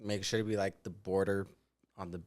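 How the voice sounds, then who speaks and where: A man's voice: low voice, level tone, fairly quick, no room sound. Easygoing man co-hosting a podcast, dry sound. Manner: easygoing, apologetic, rambling with fillers. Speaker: podcast co-host. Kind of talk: casual chat.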